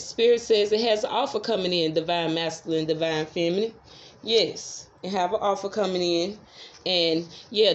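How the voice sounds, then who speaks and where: A woman's voice: mid-range voice, dull audio, a little hiss or hum. A woman giving a casual tarot reading, chatty and swearing freely, with affirmations she repeats over and over. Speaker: tarot reader.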